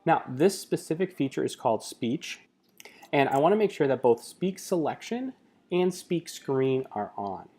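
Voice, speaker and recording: A man's voice: on the high side, sing-song, a little slow, mellow. A man working as a tech coach, giving a casual screen-recorded tutorial with many fillers. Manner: casual, filler-heavy explaining.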